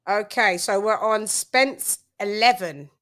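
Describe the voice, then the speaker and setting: Slow, playful woman hosting boxing talk. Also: mid-range voice, fairly bright tone. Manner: playful, laughs often. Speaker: boxing podcast host. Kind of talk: casual chat.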